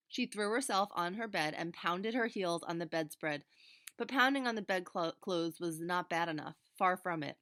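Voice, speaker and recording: A woman with a fairly low voice reads a children's storybook aloud, steady and expressive. The sound is close and dry, with no room around it. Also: moderate pace, no echo. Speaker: teacher reading aloud.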